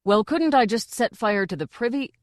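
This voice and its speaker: A woman's voice: a little high, expressive, moderate pace, dry recording, clean studio sound, voice pushed up, natural voice. A woman voicing a blustering, over-zealous male castle sergeant in an audiobook. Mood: eager. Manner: loud, dim-witted, over-zealous.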